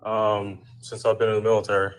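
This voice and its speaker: Male caller from maryland, rambling, quick talker, lowish voice. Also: monotone. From Maryland, USA. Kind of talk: casual call-in chat.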